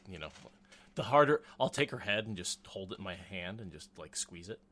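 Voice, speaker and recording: A man hosting a podcast in casual chat from a home setup, animated and cursing casually. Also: deep voice, a little fast. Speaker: podcast host. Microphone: home recording.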